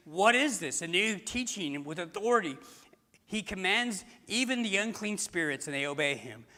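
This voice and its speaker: A man's voice: fairly high pitch, sharp tone, long reverb tail. A man preaching a sermon as pastor, emphatic and repeating key phrases while speaking straight to the congregation. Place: church sanctuary.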